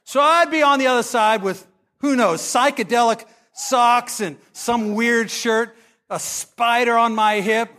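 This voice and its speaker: A middle-aged man, preaching a storytelling sermon. He is animated and humorous, and swings between loud and hushed. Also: very high-pitched, a little slow.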